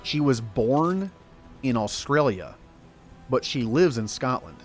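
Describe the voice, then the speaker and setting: A man's voice: mid-range voice, sing-song, takes it slowly, soft background music. Chatty man from the American South. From southern United States. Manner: chatty, rambling, laughs often. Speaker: gaming streamer. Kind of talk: casual gameplay commentary.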